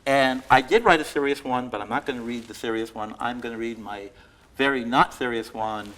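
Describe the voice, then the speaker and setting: A man reading his own poems aloud to a live audience at a museum event, reciting with loud emphasis and adding chatty, self-deprecating asides full of fillers and laughter. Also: medium pitch, brisk, rough recording. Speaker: poet receiving an award.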